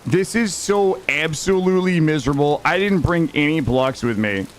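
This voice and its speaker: An excitable man commentating his gameplay for a live chat, swearing freely. His pitch jumps around a lot. Faint rain noise sits behind him. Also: normal speed. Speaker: game streamer.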